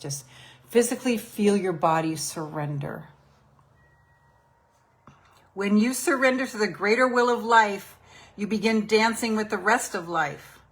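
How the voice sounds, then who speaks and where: A middle-aged woman hosting a live spiritual session, guiding listeners through slow, prayerful affirmations. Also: medium pitch, animated. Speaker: host and self-love coach. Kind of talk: guided spiritual meditation on a live stream.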